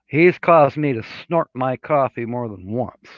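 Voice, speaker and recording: A man's voice: mid-range voice, lively intonation, dry recording. A man hosting a casual live stream, chatting in a rambling, easygoing way and reading out viewer comments. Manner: slow, easygoing delivery with many fillers. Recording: dull lo-fi sound, dry room.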